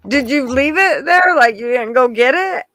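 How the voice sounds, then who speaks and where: A man's voice: very high voice, animated, moderate pace, bright, forceful tone, dry recording. A man in casual pub-style chat with a wry, drawling manner, swearing for emphasis. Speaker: co-host.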